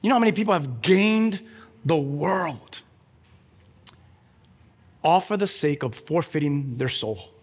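A man's voice: a little high, animated, measured pace, pauses often, breathy edge, long reverb tail. A man preaching a sermon as pastor, urging the congregation directly and with emphasis.

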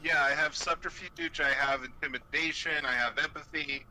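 A man's voice: on the high side, fairly even intonation, moderate pace, sharp tone, slight background noise, rough recording. A man playing a tabletop game, thinking aloud in a casual way. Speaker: player.

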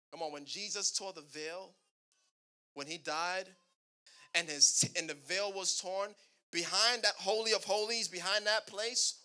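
A male pastor's high-pitched voice sounds pushed and bright as he preaches. Throughout the sermon he calls out to the congregation and invites it to answer back.

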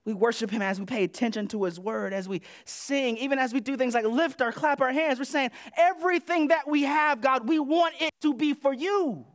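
High-voiced man preaching a casual sermon. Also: moderate pace, hardly any pauses. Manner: conversational, acts out quoted voices, wide swings in loudness. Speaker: pastor. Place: church sanctuary.

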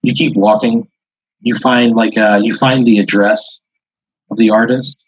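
Rambling low-voiced husky man narrating. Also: steady tone, a little slow, no echo. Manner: rambling, full of "like" and "uh" fillers. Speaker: podcast host. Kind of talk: second-person improvised storytelling. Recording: dull lo-fi audio.

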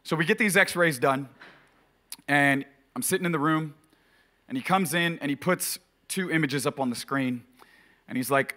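Bright-voiced man telling a sermon story. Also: a little high, normal speed. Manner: conversational, filler-heavy retelling with sudden quiet drops. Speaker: preacher.

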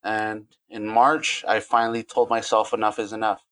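Earnest man, halting and candid. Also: lowish voice, little pitch movement, bright, forceful tone, dry recording. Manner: earnest, halting, with frequent restarts. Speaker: podcast guest. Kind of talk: candid interview talk.

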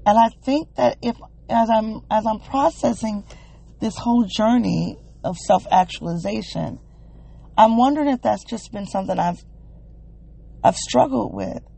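Woman talking to her podcast listeners, warm mellow voice with some fry, halting, stops and restarts a lot. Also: on the high side. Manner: thinking aloud, halting and searching, emotionally open. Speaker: wellness podcast host. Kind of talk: reflective solo podcast monologue.

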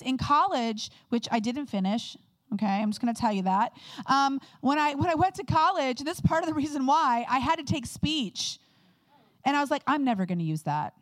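A woman guest speaker giving a candid, conversational sermon with quick personal asides. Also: sits high, animated, no echo.

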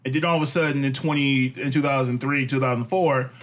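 A man's voice: medium pitch, fairly even intonation, fast talker, a bit bright. A man in casual podcast chat, ranting bluntly and profanely and repeating his point over and over. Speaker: podcast co-host.

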